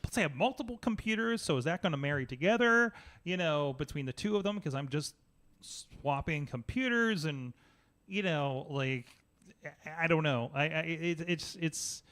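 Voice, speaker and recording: A man's voice: a little high, animated, moderate pace, a bit bright. A man hosting a casual tech podcast who talks in looping restarts and reads chatbot replies aloud. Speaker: podcast host.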